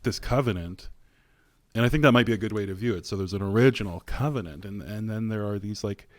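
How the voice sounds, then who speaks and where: Man, podcast co-host, lowish voice, relaxed reflective chat, dry close mic. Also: fast, no echo. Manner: relaxed, reflective, laughs easily. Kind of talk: casual chat.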